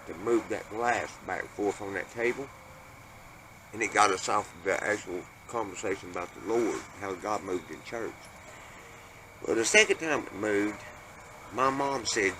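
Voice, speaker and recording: A man telling a family ghost story in a folksy, profane, animated way. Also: lowish voice, moderate pace. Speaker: panel storyteller. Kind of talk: casual storytelling. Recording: noisy background hiss.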